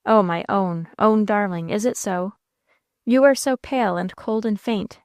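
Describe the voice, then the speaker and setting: A woman's voice: medium pitch, measured pace, clear, resonant tone, dry recording, clean studio sound, natural voice. Woman reading as an ardent young suitor. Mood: tender, pleading. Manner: pleading, emphatic. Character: ardent devoted young man, impassioned suitor.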